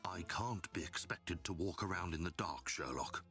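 Watson, deep and dry. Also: male voice, normal speed. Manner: flat, matter-of-fact delivery. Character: stolid male sidekick, dry and literal-minded. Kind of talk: video game voice acting. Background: game music.

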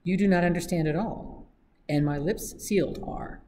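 A reader puts on a pompous older foreign baron from a storybook, speaking in stiff, formal sentences with twisted word order. The voice is mellow and fairly dark. There is a faint hiss behind it. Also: medium pitch, normal speed, lightly acted. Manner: stilted formal speech with scrambled word order. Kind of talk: read-aloud audiobook acting.

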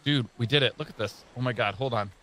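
A young man hosting a let's play, chatting excitedly about the game, shouting and joking. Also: mid-range voice, fast. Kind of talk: excited gameplay chat.

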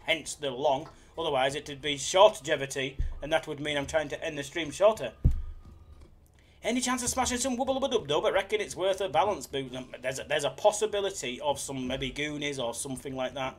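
A man's voice: on the high side, a little fast, few pauses. A young man hosting a casual live stream, joking and reading out viewers' messages. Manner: jokey, chatty, reads chat aloud. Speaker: slots live streamer, host.

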